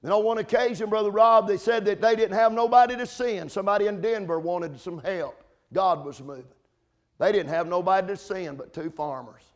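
High-voiced impassioned male preacher. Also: brisk. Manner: impassioned, building to shouted climaxes; repetitive, with restarts and asides to congregants by name. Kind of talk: sermon.

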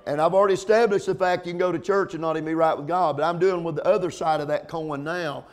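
A middle-aged pastor, his voice slightly high and his tone steady, gives a sermon. He often repeats words and says "amen," slowing down to drive points home and then rising to loud high points.

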